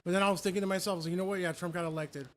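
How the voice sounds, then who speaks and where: A man's voice: high voice, fairly even intonation, a little hiss or hum. A man co-hosting a casual podcast chat, profane and saying "bro" often. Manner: rapid, profane, says "bro". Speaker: podcast co-host.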